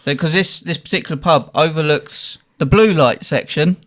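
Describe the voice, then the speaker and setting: A man's voice: on the high side, moderate pace, fairly bright tone. A man, hosting a casual podcast and telling a story with laughter and acted-out quotes. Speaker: podcast host.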